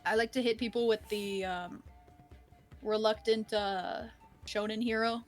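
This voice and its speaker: A woman's voice: mid-range voice, steady tone, unhurried, soft background music. A woman guesting on a livestreamed talk show, chatting casually, with hesitant restarts and fillers. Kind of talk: casual chat.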